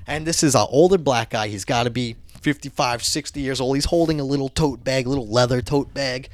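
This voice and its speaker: A man telling a story in casual talk, animated and swearing often, acting out other people's voices. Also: mid-range voice, brisk, dry recording, clean studio sound.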